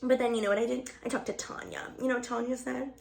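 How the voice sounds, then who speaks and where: Chatty young woman with a slightly high voice. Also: fairly even intonation, fast, vocal fry, a little mellow. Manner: rambling, profane, fillers of "like", laughs often. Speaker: vlogger. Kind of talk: get-ready-with-me casual chat.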